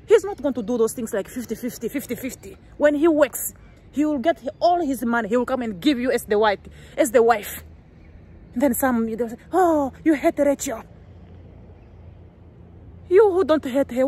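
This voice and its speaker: A young woman from Namibia, a gossip vlogger, delivers a heated, rambling rant straight to her viewers. Her voice sits a little high, and she keeps stumbling into restarts and rhetorical "what"s as she pushes her points. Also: darkish tone, breathy edge. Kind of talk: ranting commentary to the camera. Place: living in Sweden.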